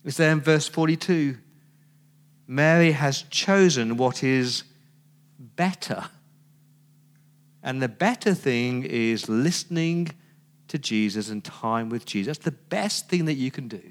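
A man's voice: mid-range voice, lively intonation, moderate pace. A man giving a sermon as pastor, telling the story conversationally with rhetorical questions.

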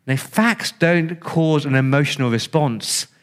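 A man preaching a sermon as pastor, conversational, repeating words and acting out listeners' reactions. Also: unhurried. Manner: acts out listener reactions with big pitch swings.

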